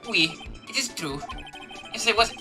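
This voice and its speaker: A woman's voice: medium pitch, lively intonation, moderate pace, over music, voice pushed up, lightly acted. A woman voicing a flamboyant French male chef with a put-on French accent, speaking theatrically. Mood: grandiose.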